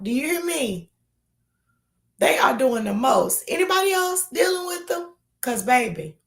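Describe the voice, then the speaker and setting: A woman pastor hosting an online Bible study, chatting casually with drawn-out emphasis while reading viewers' comments aloud. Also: high voice, gravelly. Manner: animated, drawn-out emphasis, calls people baby.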